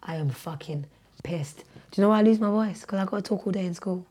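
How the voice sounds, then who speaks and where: Young woman, voice going hoarse, chatty podcast guest telling lively stories. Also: medium pitch, fast talker. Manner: animated storyteller, shouts when quoting herself. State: losing her voice, hoarse. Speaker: guest, teacher and singer. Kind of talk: casual podcast chat.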